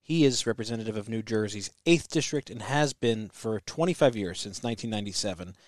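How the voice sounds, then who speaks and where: A man hosting a podcast, giving a measured, explanatory introduction to the episode. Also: on the low side, lively intonation, a little mellow, no echo, studio quality. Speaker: podcast host.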